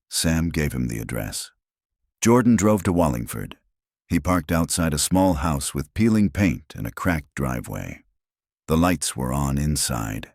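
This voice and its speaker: A man narrating a scripted drama story in a measured storytelling way. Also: rumbling low, sing-song, a little mellow, no room sound, clean studio sound.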